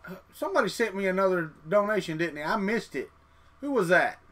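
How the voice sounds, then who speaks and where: A man's voice: high voice, animated, a little fast, a bit bright. A man hosting a casual live stream, chatting and muttering to himself as he clicks through settings. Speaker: livestream host.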